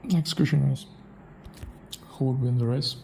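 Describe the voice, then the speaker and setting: Man, gravelly, mellow tone, thinking out loud, halting, self-questioning. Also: medium pitch, slight background noise, rough recording. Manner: musing aloud, halting, asks himself questions. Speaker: channel host. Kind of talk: casual spoken summary.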